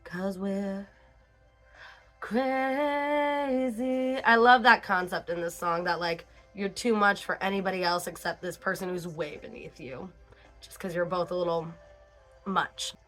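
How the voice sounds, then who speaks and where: A woman's voice: on the low side, fairly even intonation, normal speed, a bit bright, faint music behind. A woman hosting a casual album review, chatty and breaking into lyric snippets between her comments.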